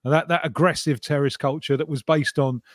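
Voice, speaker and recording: A male guest pundit in casual chat who talks haltingly, repeating words as he thinks. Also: on the high side, fairly even intonation, dry recording, studio quality.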